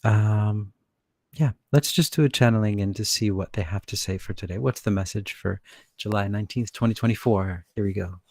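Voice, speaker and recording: A man's voice: on the low side, moderate pace, a little mellow, no echo, studio quality. A man who works as a channeler chats casually on his vlog, rambling, chuckling and breaking off his own sentences. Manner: rambling, chuckling, self-interrupting.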